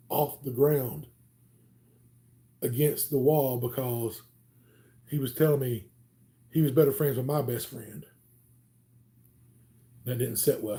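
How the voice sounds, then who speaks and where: A man's voice: mid-range voice, fairly even intonation, measured pace, pauses often, warm tone. A man in his forties from Alabama with a Southern US accent, telling rambling stories casually on a livestream, with lots of "um"s. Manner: rambling, chatty, many "um"s. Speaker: channel host.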